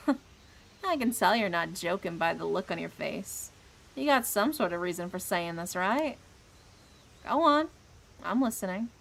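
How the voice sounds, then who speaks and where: A woman's voice: fairly low pitch, expressive, measured pace, creaky, long pauses, fairly bright tone, a little hiss or hum, full character voice, low-quality recording. A woman voicing a caring, encouraging young woman in a game.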